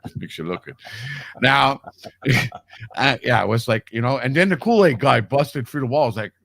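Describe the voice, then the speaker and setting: A man's voice: medium pitch, animated, moderate pace, vocal fry, fairly bright tone, no room sound. A man telling a long personal story in casual radio chat, rambling with restarts and swearing freely. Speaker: radio show guest.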